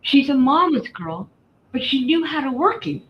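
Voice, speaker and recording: A woman's voice: high voice, sing-song, moderate pace. Blunt woman telling stories. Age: middle-aged. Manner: frank, storytelling, blunt. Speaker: host. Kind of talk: casual chat while crafting. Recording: slightly dull stream audio, faint background noise.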